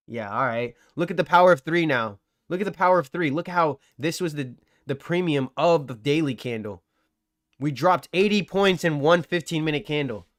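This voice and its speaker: Guy streaming trades live, trash-talks chat, kinda high voice, dry close sound. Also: no echo. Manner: teasing, boastful banter with chat, slangy and loud bursts. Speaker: livestream trading host. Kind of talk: live trading stream commentary.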